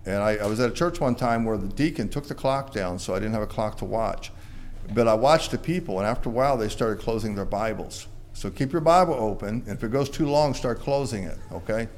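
Addressing a church congregation in a sermon, a man swings between loud, emphatic crescendos and hushed, low finishes.

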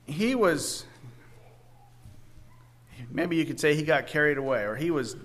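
Male preacher, slightly high voice, slow halting sermon delivery, raises his voice for scripture. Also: expressive, a bit bright. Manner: halting, with frequent restarts.

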